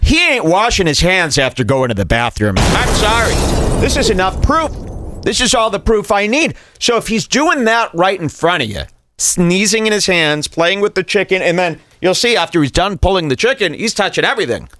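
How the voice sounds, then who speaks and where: A man's voice: high-pitched, expressive, moderate pace, sharp tone, a little hiss or hum. A man hosting a show, ranting incredulously while commenting over a video clip. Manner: incredulous, ranting, mock-quoting others. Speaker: show host reacting to a clip.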